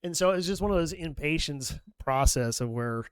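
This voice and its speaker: Middle-aged man, profane animated storyteller. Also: fairly high pitch, a little fast, clean tone, dry recording, clean studio sound. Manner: animated storyteller, swears freely, acts out quoted dialogue. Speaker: nurse and podcast co-host. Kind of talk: casual podcast storytelling.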